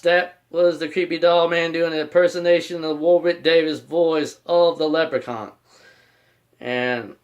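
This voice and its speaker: A man hosting his own video channel, giving a rambling, repetitive announcement and often speaking of himself in the third person. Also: a little high. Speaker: YouTube channel host. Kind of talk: casual vlog announcement.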